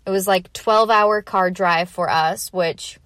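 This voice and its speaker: A young woman chats through a casual travel story at an ordinary middle pitch. Her talk is loose and rambling, packed with "like" and "you know". The sound is dry and close, with no room in it. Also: a little slow, fairly bright tone, no room sound. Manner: chatty, filler-heavy with frequent "like". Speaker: vlogger.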